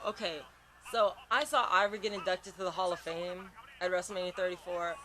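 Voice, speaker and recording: A man with a high voice speaks in loose, exclaiming reaction commentary and swears freely. He sounds sleepy and worn out from the late hour. A steady hiss of background noise runs under the recording. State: sleepy, yawning late at night. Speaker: wrestling reaction channel host.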